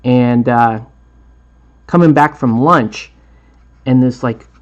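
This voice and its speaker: A man's voice: medium pitch, lo-fi sound. A man hosting a miniature painting tutorial, chatting in a rambling way and laughing often. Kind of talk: casual chat while painting a tutorial.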